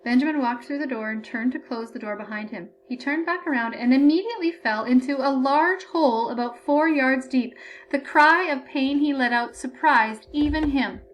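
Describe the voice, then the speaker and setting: A woman reading a story aloud as audiobook narration, steady and even-toned. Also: high-pitched, normal speed, a little hiss or hum. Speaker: audiobook reader.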